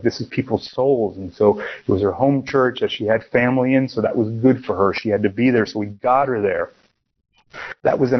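Man telling a sermon story, slightly muffled. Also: medium pitch. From Miami, USA. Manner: casual, conversational storytelling with many restarts. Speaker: preacher. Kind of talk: personal testimony sermon.

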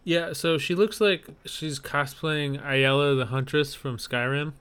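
A man's voice: fairly high pitch, steady tone, a little slow, a bit bright, clear, resonant tone. A man co-hosting a casual podcast chat, matter-of-fact with dry humor. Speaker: podcast co-host.

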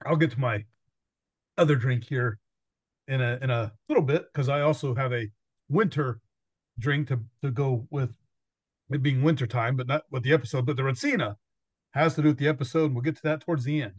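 In a dry recording, a podcast host with a medium-pitched voice speaks fairly quickly but pauses often. He rambles through casual chat, laughs a lot, and quotes himself and others.

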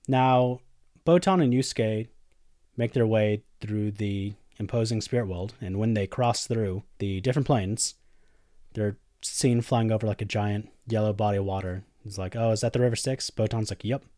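A man with a fairly low voice recaps a story in a loose, profane podcast chat, briefly slipping into the characters' lines. The sound is dry and close. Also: warm tone, no room sound. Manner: swears casually, acts out characters' lines in quick bursts. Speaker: podcast host.

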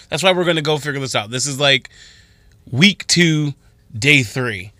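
A Midwestern American man co-hosting a casual morning radio show, animated and quick to laugh, talking while in some pain. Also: medium pitch, dry recording, clean studio sound. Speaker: radio co-host. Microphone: studio microphone.

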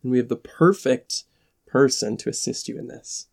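A man voicing a polite male gnome pitching a business offer, formal and persuasive. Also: moderate pace, creaky, a little mellow, breathy edge.

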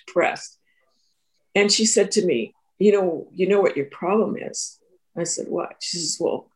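A woman who is a teacher and therapist tells a reflective personal story in an interview, talking earnestly and often repeating and restarting her phrases. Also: fairly low pitch. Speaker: Three Principles teacher and therapist.

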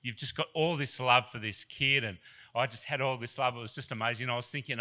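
Aussie guy preaching at church, middle-aged, chatty and earnest, gets emotional, bright forceful voice. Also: medium pitch, fast. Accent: Australian. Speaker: guest preacher. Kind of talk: sermon with personal storytelling.

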